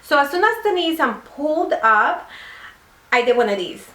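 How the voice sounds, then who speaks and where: A woman's voice: sits high, animated, normal speed, fairly bright tone. A woman vlogger telling a casual story in a chatty, rambling way, full of fillers. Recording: roomy echo.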